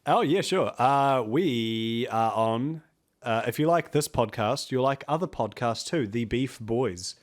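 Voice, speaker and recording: A man's voice: mid-range voice, lively intonation, moderate pace, hardly any pauses. A man with a New Zealand accent, a podcast guest chatting casually, rambling and swearing freely with frequent laughs.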